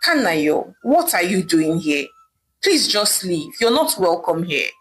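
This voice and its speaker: A woman's voice: fairly high pitch, very animated, measured pace, a bit bright, low-quality recording. Woman voicing a stern scornful younger brother. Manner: stern and scolding.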